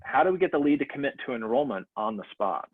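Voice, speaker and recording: Male panel host, relaxed, halting, lots of fillers, tinny distant call audio. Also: medium pitch, breathy edge, no echo. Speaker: host, moderator. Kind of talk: moderating a video panel. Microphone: video call.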